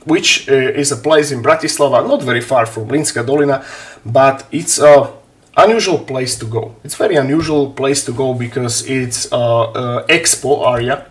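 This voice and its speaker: A man telling a story on a live stream, animated, swearing and laughing often. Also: medium pitch. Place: home hobby room.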